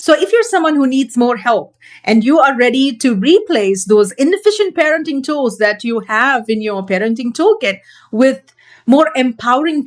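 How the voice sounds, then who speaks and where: A woman parenting coach teaching straight to camera, earnest and emphatic, repeating her key points. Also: on the high side.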